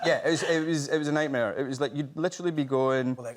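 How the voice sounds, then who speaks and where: A Scottish man, a talk show guest, telling lively, salty stories and acting out quotes in a TV studio. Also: mid-range voice, very fast, hardly any pauses, a little hiss or hum. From Scotland. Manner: lively storyteller, acts out quotes, swears, laughs often. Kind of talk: casual chat show anecdote. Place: TV studio with live audience.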